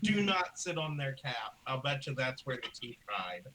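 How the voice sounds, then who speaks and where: A man playing in a tabletop game, making slow, wry comments. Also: medium pitch, big pitch swings, background noise. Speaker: player. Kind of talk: casual game chat.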